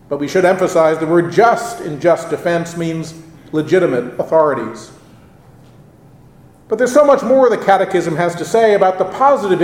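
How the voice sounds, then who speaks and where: A man with a notably high voice preaches from the pulpit, measured and expressive. He leans into the quoted passages, stretching them out for weight. The sound carries the roomy echo of a church sanctuary. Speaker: pastor. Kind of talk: sermon.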